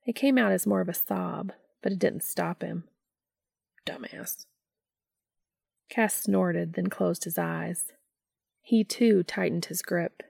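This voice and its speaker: A woman reading fan fiction aloud in a slow, subdued narration. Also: fairly low pitch, vocal fry, darkish tone, breathy edge, no echo, studio quality. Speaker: reader.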